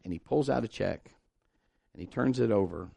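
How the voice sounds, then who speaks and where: A middle-aged man preaching a sermon, telling a story and acting out the people in it, swinging between loud and hushed. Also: lowish voice, moderate pace, gravelly, husky, no echo. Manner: animated, acts out dialogue, shifts between loud and hushed.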